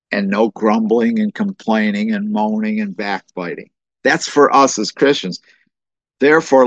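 A man's voice: mid-range voice, no room sound. A man preaching a sermon as the pastor, talking animatedly with restarts and acting out quoted voices. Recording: dull muffled dry recording.

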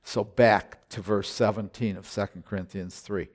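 Preaching to his congregation, a man serving as pastor shares a personal story and exhorts them, switching between hushed, slow delivery and loud, emphatic declarations. His voice is lowish and steady.

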